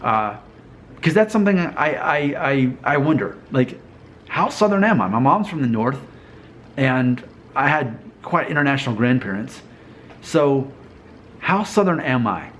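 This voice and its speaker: A man's voice: medium pitch, big pitch swings, a little slow, fairly bright tone, slight background noise. Chatty man musing aloud to camera. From Alabama, US South. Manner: musing, self-questioning, chatty. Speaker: vlogger. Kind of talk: casual talking-to-camera monologue.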